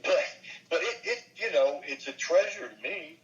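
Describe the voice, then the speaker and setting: An older male voice actor chats through an interview, telling animated stories and slipping briefly into character voices. His voice sits fairly high, and the recording is muffled and lo-fi. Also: moderate pace. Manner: animated storyteller, slips briefly into impressions. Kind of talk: casual interview chat.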